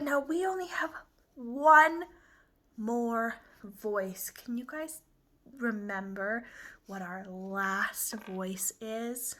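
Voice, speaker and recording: A woman teaching young children, slow and clear, encouraging them with exaggerated emphasis. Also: fairly high pitch, sharp tone.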